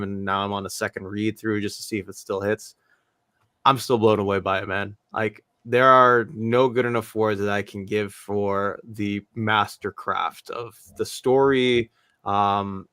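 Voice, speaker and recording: Man, low voice, dry close sound, enthusiastic casual guest chat. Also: fairly bright tone, dry recording. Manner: enthusiastic, rambling with fillers.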